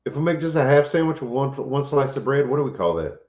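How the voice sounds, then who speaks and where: A man's voice: mid-range voice, big pitch swings, fast, a little mellow. A man hosting a casual chat, playful and teasing, laughing often. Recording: roomy, slightly dull recording.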